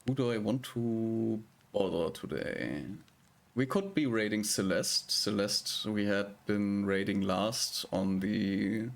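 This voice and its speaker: Slow, gravelly-voiced male streamer. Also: lowish voice. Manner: rambling, hesitant, chatty. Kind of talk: casual live-stream chat.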